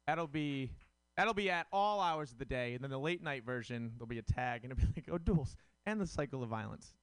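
A man's voice: medium pitch, brisk, a bit bright, clear, resonant tone. A man from Rhode Island doing a rambling, self-mocking stand-up set, full of fillers. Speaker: stand-up comic.

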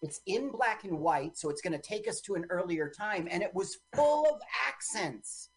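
A woman co-hosting a radio show, bantering playfully about a movie, jokey and quick to interrupt. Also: fairly low pitch, expressive, husky. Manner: joking, quick to interrupt and argue. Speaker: radio co-host. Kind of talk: casual banter while watching a movie. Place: radio studio.

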